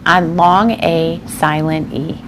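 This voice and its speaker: A woman teaching a phonics lesson to young children, slow and encouraging, sounding out words with exaggerated care. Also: deep voice, little pitch movement, noisy background. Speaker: primary school teacher.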